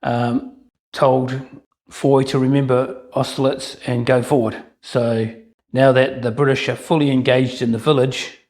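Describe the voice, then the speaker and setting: A man's voice: medium pitch, flat delivery, measured pace, a little mellow, rough recording. A man narrating a solo tabletop wargame battle report in a chatty way, with joking asides and frequent ums. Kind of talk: casual game commentary.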